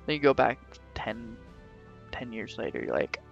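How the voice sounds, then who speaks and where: Gamer man, jokey rambling commentary, gravelly voice swinging up and down, quiet music behind. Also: medium pitch, big pitch swings, normal speed, dull audio. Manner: goofy, rambling, jokey asides. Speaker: let's play gamer. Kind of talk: casual gameplay commentary. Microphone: desktop microphone.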